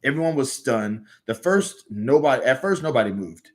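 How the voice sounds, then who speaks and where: A man's voice: mid-range voice, expressive, moderate pace, natural voice. A man with a Southern US accent voicing an earnest, good-natured little male cartoon hero telling a story.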